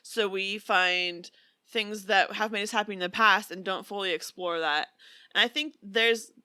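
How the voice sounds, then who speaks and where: A woman's voice: mid-range voice, fairly even intonation, measured pace, pushed and bright, smooth, no echo. A young woman co-hosting a podcast in casual chat, rambling with frequent fillers and laughing easily. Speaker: podcast co-host.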